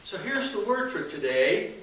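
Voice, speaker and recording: A man's voice: high voice, big pitch swings, normal speed, fairly bright tone. A man giving an informal sermon with jokes, rambling with many fillers and restarts, recorded from a distance in an echoey hall with faint hiss. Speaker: minister giving a talk. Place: church meeting hall.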